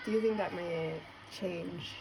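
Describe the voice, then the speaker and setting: A young woman, an artist interviewing a guest in relaxed casual chat outdoors on a city street, thoughtful and given to laughing. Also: fairly low pitch, measured pace, vocal fry, loud music behind the voice. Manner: relaxed, thoughtful, laughs at her own jokes.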